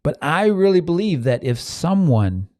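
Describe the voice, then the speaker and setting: An earnest man hosting a motivational self-help podcast, talking straight to his listeners with many restarts and asides. His voice is warm and mellow and swings up and down with feeling. The sound is dry and close. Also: a little high, measured pace, dry recording. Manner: earnest and animated, acts out inner voices in quotes; frequent restarts and audience asides.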